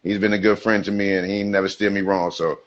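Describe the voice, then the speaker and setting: A man with a low voice tells stories in a relaxed, streetwise way, full of slang. He talks over a video call, and the sound comes through dull and lo-fi. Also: fairly quick. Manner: laid-back, streetwise storytelling with slang. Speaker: guest rapper. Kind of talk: casual storytelling interview. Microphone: video call mic.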